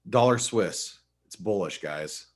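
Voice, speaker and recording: A man's voice: sits low, expressive, slow pace. A man giving a casual live webinar on currency charts, chatty and full of restarts. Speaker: forex market analyst.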